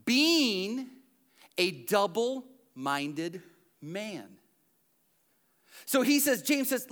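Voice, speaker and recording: A man preaching a sermon, animated and emphatic, dropping to quiet asides and near-whispers between loud passages. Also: sits high, extremely slow, pauses often. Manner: conversational asides with the congregation.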